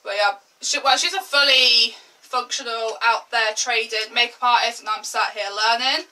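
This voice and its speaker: Young woman doing a makeup vlog, high bright voice, a bit far from the mic, chatty and swears a lot. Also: moderate pace. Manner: lively, swearing, exaggerating for laughs. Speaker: beauty vlogger. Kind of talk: chatty get-ready-with-me vlog.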